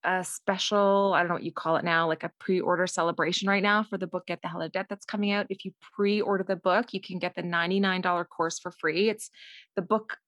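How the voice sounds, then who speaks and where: A woman's voice: lowish voice, fairly even intonation, fairly quick, fairly bright tone, no echo, studio quality. A Canadian woman being interviewed as a guest author, chatty and self-deprecating, laughing easily. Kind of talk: casual interview chat.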